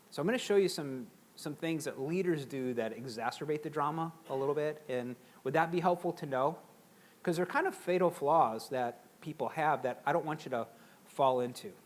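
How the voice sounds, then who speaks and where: A middle-aged man giving a motivational seminar talk to a live audience, animated and acting out quoted voices. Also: on the high side. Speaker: seminar speaker.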